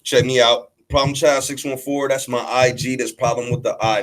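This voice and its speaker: A man's voice: medium pitch, level tone, moderate pace, few pauses, low-quality recording. A young man from Pennsylvania, a rapper guest on a radio show, talking loosely and spelling out his handles. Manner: laid-back, swearing, spells out names. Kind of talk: casual radio chat.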